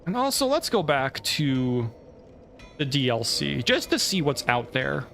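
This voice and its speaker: A man's voice: medium pitch, sing-song, a little slow, gravelly, fairly bright tone, slight background noise. A man giving casual let's play commentary, thinking aloud and cursing when the game goes badly.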